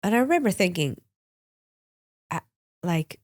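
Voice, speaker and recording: A woman's voice: fairly low pitch, animated, moderate pace. A woman hosting a podcast, candidly telling personal stories in a chatty, open way, sounding a little congested and sniffly. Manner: chatty, open, with frequent "like" and restarts. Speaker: podcast host.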